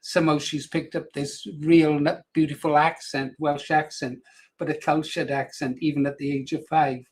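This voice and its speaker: An older man hosts a radio show in a loose, wandering chat and chuckles often between his thoughts. His voice sits a little higher than most men's. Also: flat delivery, moderate pace, darkish tone. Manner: rambling, anecdotal, chuckling. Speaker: radio presenter.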